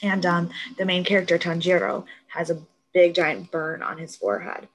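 A young woman co-hosting a podcast, retelling a TV episode in casual, animated chat with plenty of swearing. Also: on the low side, normal speed, low-quality recording. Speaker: podcast co-host.

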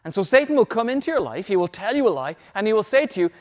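A pastor with a high-pitched male voice delivers an emphatic sermon. He presses his points and repeats key phrases so the congregation can write them down. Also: sing-song, fast talker, few pauses.

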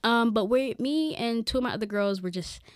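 A young adult woman co-hosting a podcast, telling a story in casual chat, animated and full of "like", acting out what people said. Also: on the high side, moderate pace, no echo, clean studio sound. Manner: animated, chatty, full of "like" and acted-out quotes. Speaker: podcast co-host.

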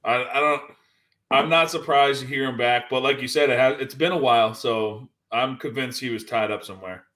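Bright-voiced man cracking dry jokes. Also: mid-range voice, fairly even intonation, moderate pace. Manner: dry, blunt wisecracks. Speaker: podcast co-host. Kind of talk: casual sports chat.

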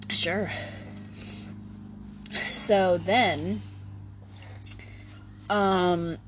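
Give me a laid-back woman host with a slightly low voice, chatting slowly and casually, slangy and full of fillers. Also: steady tone, a little hiss or hum. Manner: slangy, swears, many "like" fillers. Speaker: podcast host. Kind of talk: casual storytelling.

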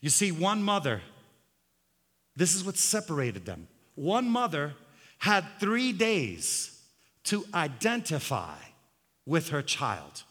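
A man's voice: a little high, wildly swooping pitch, slow pace, long pauses, fairly bright tone. An older man preaching a fiery sermon as pastor, with hallelujah refrains, in a church sanctuary. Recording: long hall reverb.

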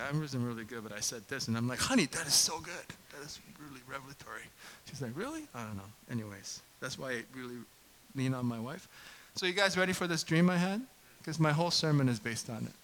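A middle-aged man preaching a casual sermon in a church, chatty and self-deprecating, bursting into loud impassioned preaching when he gets going. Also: mid-range voice, low-quality recording. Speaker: pastor. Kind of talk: conversational sermon.

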